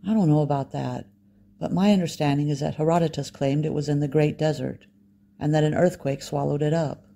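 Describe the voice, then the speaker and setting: A man reading the lines of a blunt, impatient local man, with a gravelly, mellow voice. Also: on the high side, fairly even intonation, a little fast.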